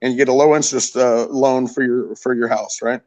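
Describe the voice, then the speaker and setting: A man's voice: medium pitch, fairly even intonation, brisk, darkish tone, no echo, poor audio. A man in a heated casual podcast debate, exasperated, swearing and repeating himself. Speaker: podcast panelist.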